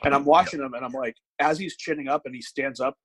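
A man in his thirties telling a gym story in casual chat, animated, swearing often and acting out what people said. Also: medium pitch, fast talker, background noise. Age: 30s. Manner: animated storyteller, frequent profanity, acts out quotes.

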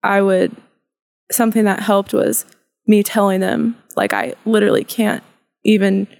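A woman's voice: medium pitch, little pitch movement, moderate pace, vocal fry, a little mellow. A woman mentor speaking earnestly and directly in a casual talk about teaching kids. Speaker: podcast guest and youth mentor. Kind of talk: casual discussion.

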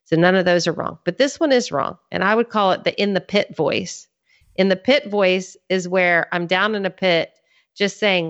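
A woman's voice: lowish voice, moderate pace. A woman guest on a podcast, explaining her ideas earnestly and laying out her points one by one in a conversational way. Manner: earnest, teaching, lays out points in a clear sequence. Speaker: podcast guest, author and ministry leader. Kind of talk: conversational interview talk. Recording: slightly dull lo-fi sound.

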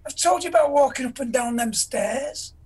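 A man's voice: very high voice, moderate pace, a little mellow, husky, exaggerated voice, rough recording. An actor playing a caring young grandson with a Salford accent, affectionate and teasing with his gran.

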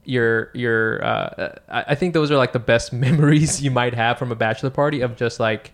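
A man's voice: medium pitch, moderate pace. A young man co-hosting a casual chat, joking and swearing freely as he tells stories.

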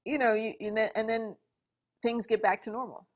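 A middle-aged woman telling a personal story in conversation, animated and full of asides and fillers. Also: on the high side, moderate pace. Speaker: guest.

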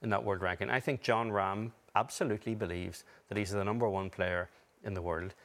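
A man giving articulate, measured golf analysis on a broadcast, with a wry touch. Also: fairly low pitch, steady tone, fairly bright tone.

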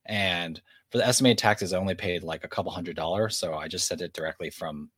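A man's voice: deep voice, brisk, a bit bright, slightly rough, no room sound. A man co-hosting a podcast, chatting casually with dry, self-mocking humor. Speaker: podcast co-host.

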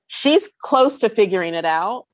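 A woman's voice: medium pitch, animated, measured pace, no echo. A woman chatting on a podcast panel, restarting her sentences as she searches for words. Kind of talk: casual podcast chat.

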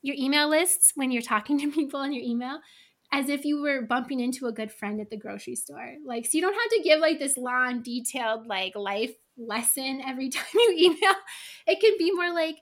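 A woman's voice: high-pitched, expressive, fairly quick. A middle-aged woman talking casually as a podcast guest, chatty and full of asides. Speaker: guest, email copywriter.

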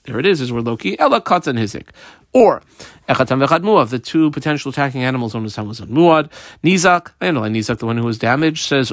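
A man's voice: medium pitch, lively intonation, fast talker, a bit bright, no room sound, clean studio sound. A man teaching a daily Talmud lesson, explaining the text step by step with frequent fillers.

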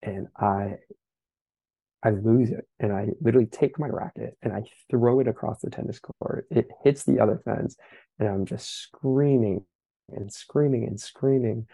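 A young man, the guest of an interview, telling his story in an earnest, reflective way, pausing often with fillers. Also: mid-range voice, creaky, mellow, no echo, rough recording. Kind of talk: candid personal account.

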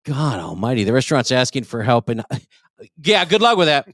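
A man's voice: medium pitch, sing-song, normal speed, fairly bright tone, no echo, studio quality. Wisecracking, profane male podcast host. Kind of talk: crude comedic banter.

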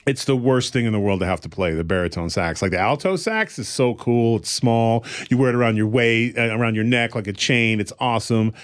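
A man's voice: medium pitch, fairly quick, hardly any pauses. A male comedian telling stories in casual podcast chat, rambling a little and acting out the people he quotes. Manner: rambling, with restarts and fillers.

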